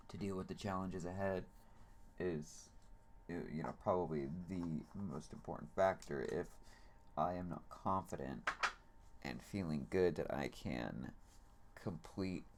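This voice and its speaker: A man streaming speedruns, talking casually and reflectively about staying calm, with lots of fillers. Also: deep voice, creaky, a little hiss or hum. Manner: relaxed, reflective, many fillers. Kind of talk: casual advice talk.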